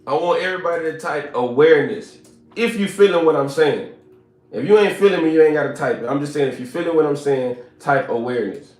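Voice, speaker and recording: A man's voice: a little high, brisk, darkish tone. A man giving a motivational live stream talk, emphatic and preacher-like, repeating his points and asking the chat to respond. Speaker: motivational speaker. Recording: roomy echo with faint music.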